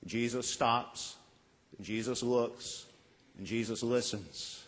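A man preaching in a church sanctuary, his slightly husky, fairly high voice carrying a long reverb around him. He speaks earnestly, slowing down and pausing for effect, and gives the people he quotes their own voices. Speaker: pastor. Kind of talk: sermon.

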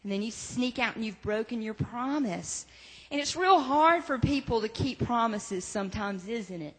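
A woman telling a story to children during a church service, animated and full of questions to them. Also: on the high side, normal speed, slightly rough. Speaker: children's message leader. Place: church sanctuary. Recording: reverberant church sanctuary.

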